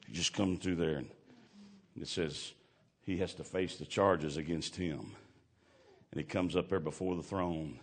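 A man preaching a fervent sermon, swinging from hushed asides to shouting. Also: deep voice, normal speed, long pauses, slightly rough.

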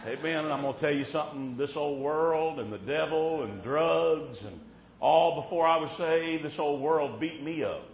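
Folksy preacher in a roomy church. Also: male voice, a little high, moderate pace, slight background noise. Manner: folksy, punctuates with "Amen", preaches with rising fervor. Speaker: preacher at a revival meeting. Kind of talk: storytelling sermon. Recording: roomy, dull church recording.

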